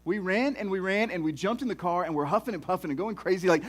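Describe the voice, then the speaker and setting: A middle-aged man, preaching a sermon in a folksy, animated storytelling way with many restarts. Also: on the high side, a little fast. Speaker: pastor.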